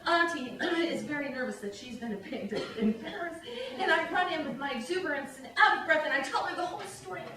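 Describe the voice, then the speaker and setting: A woman telling a story on stage to a live audience, animated and often laughing as she speaks. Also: sits high, fast talker, few pauses, a crowd in the background. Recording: echoey hall from far off, loud audience.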